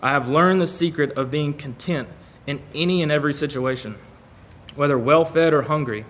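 A man with a fairly high, slightly bright voice preaches a church sermon at a normal speed. He talks informally with the congregation and reads scripture out loud.

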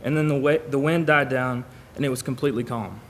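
A man's voice: mid-range voice, steady tone, fairly quick, a little hiss or hum. A man preaching a sermon in church, talking casually with the congregation and reading scripture aloud. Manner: conversational, reads scripture aloud.

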